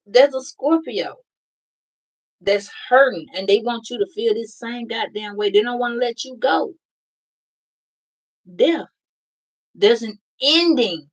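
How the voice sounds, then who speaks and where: A woman's voice: on the high side, slow pace, long pauses, rough recording. Blunt, profane woman doing a tarot reading. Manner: blunt, profane, emphatic, addresses viewers directly. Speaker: tarot reader. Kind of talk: casual tarot reading to viewers.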